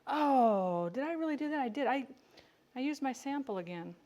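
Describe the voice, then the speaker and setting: Her voice is high, animated, and darkish in tone, moving at a moderate pace. This home canning vlogger cans beans on a relaxed cooking livestream, chatting and joking, poking fun at herself, and calling out viewers by name.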